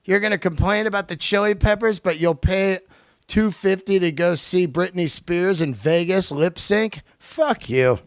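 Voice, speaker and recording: A male podcast host delivering a profane, animated comedic rant on his own. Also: high voice, unhurried, clear, resonant tone, no echo, clean studio sound. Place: lives in Los Angeles.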